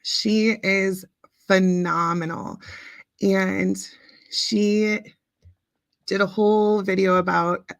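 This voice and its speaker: A woman's voice: mid-range voice, steady tone, very slow, creaky, long pauses, dry recording, clean studio sound. A woman in her late thirties hosting a casual livestream chat, talking to viewers and reading out their comments. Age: late 30s. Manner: chatty, reads out viewer comments, frequent ums. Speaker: livestream host.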